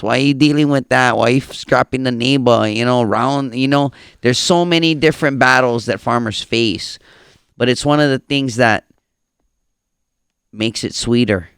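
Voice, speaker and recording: Smooth-voiced Hawaiian Pidgin man. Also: mid-range voice, no echo, clean studio sound. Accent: Hawaiian Pidgin English. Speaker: podcast host. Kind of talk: casual chat. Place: farm.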